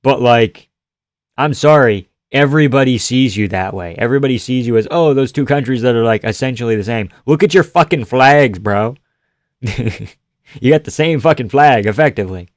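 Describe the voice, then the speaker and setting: A man on a live stream reacts to fights, easygoing and full of swearing as he argues with chat. His voice sits at an ordinary pitch and sounds close and dry, with no room around it. At big moments he bursts into loud, excited shouting. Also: normal speed, dry recording. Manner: casual, profane, answers chat, yells at big moments.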